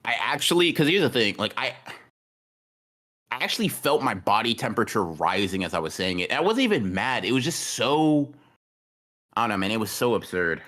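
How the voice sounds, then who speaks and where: A man's voice: lowish voice, sing-song, fairly quick, a bit bright. A man co-hosting a podcast in a casual livestream chat, rambling and cursing, often repeating his words. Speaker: podcast co-host.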